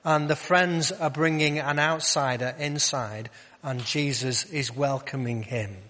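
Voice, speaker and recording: A male preacher giving a conversational sermon, asking rhetorical questions and dropping to a quiet voice to stress points. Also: a little high, unhurried. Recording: long hall reverb.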